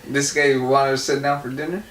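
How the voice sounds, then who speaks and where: A man's voice: medium pitch, fairly even intonation, brisk, fairly bright tone, distant mic. Man, co-host, short reactions, away from the mic, echoey room with faint noise. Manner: brief reactions and laughs. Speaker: podcast co-host. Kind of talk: casual chat.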